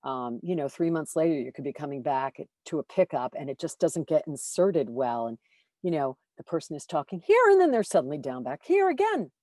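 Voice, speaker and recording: A woman who narrates audiobooks, talking casually in an interview, animated and self-deprecating, with lots of fillers and restarts. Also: low-pitched, fairly quick, dry recording.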